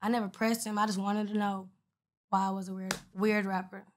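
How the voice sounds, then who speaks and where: A woman's voice: mid-range voice, level tone, a little fast. Blunt, profane woman rapper. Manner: blunt, profane, retells exchanges with quoted voices. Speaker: rapper, interview guest. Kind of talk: casual interview storytelling.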